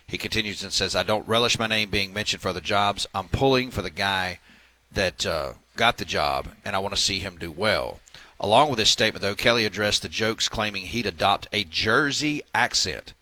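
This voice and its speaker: A man's voice: lowish voice, moderate pace, sharp tone, no echo, poor audio. A man hosting a sports talk radio segment, reading news items with filler words and wry asides.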